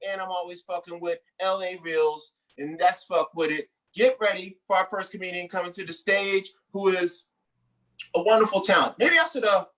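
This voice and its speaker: A woman's voice: on the low side, fairly even intonation, moderate pace. Hyped woman hosting a comedy show. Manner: hyped, loud crowd-work with shouted calls; rambling, playful banter. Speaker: host.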